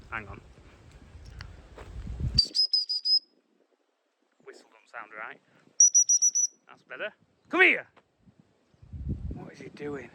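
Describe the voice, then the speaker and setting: Young farmer rambling on a walk, bright voice, bit of wind noise, keeps calling the dog. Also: male voice, mid-range voice, rough recording. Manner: chatty, rambling, calls to his dog. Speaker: farmer vlogger. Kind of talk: casual walking vlog. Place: outdoors in windy farm fields.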